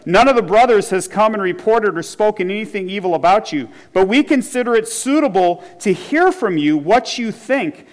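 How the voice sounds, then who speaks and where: A pastor delivers a sermon in a fairly high male voice. He preaches earnestly, reads scripture aloud and unpacks it, often restarting a phrase and checking in with "right?".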